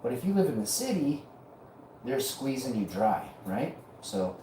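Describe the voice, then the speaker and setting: A man's voice: medium pitch, sing-song, a little slow, dark tone, slight background noise. A man hosting a live show, ranting in a profane, combative and mocking way. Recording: roomy echo.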